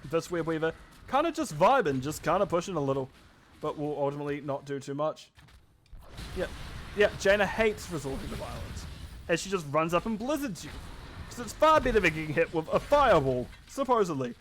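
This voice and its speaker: A man casting a live esports match with quick, chatty play-by-play commentary, often correcting himself mid-sentence. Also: fairly high pitch, sing-song, fairly bright tone, a little hiss or hum. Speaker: esports caster.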